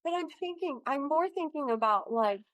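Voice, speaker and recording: A woman's voice: sits high, animated, normal speed, no echo, highs cut off. Lady on a podcast, earnest, asks lots of questions, dry sound. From France. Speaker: podcast guest. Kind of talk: casual podcast conversation.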